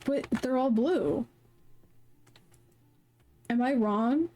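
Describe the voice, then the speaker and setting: A woman's voice: high-pitched, drawn-out words, mellow, slight background noise. A woman streaming casually, who swears a lot, sounds flustered and confused, and sings along with the music between her remarks. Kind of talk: casual livestream chat, singing along. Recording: music playing in background.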